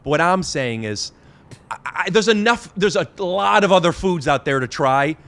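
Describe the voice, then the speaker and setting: A man's voice: a little high, animated, normal speed, a bit bright. Hesitant, rambling male podcast host. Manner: rambling, hesitant, many restarts. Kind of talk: casual podcast chat.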